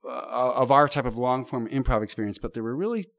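A man's voice: mid-range voice, brisk, fairly bright tone, no room sound, studio quality. A middle-aged man, an improviser, telling a vivid, profane story in casual chat. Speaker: podcast guest.

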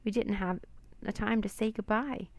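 A woman's voice: mid-range voice, steady tone, normal speed, gravelly, a little mellow, no echo. A woman doing a brave, tender-hearted little girl. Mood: pleading.

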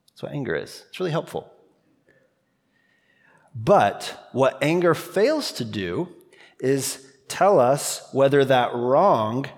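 A man preaching a sermon as pastor, talking in a conversational, animated way with quick asides. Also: mid-range voice, big-room sound.

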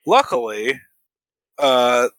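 A man's voice: mid-range voice, very animated, drawn-out words, fairly bright tone, no echo. A man co-hosting a podcast, making dry, wry remarks in casual chat. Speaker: podcast co-host.

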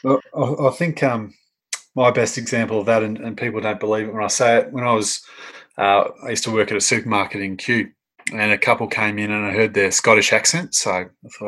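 Middle-aged Australian man, lower voice, chatty interviewer who tells stories. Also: fast talker, low-quality recording. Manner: chatty storyteller, animated when telling anecdotes. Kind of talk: casual conversation.

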